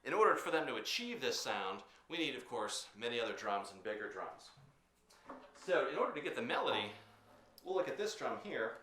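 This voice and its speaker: A man teaching percussion technique, explaining patiently with frequent filler pauses while demonstrating drums. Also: medium pitch, sing-song, background noise. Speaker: percussion instructor. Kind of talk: instructional demonstration. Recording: echoey room with drum sounds.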